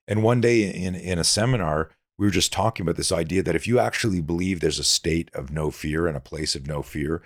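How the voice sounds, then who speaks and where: Very deep husky-voiced man telling stories. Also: dry recording, studio quality. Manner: animated storyteller acting out dialogue. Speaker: podcast guest, self-defense instructor. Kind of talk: casual interview talk.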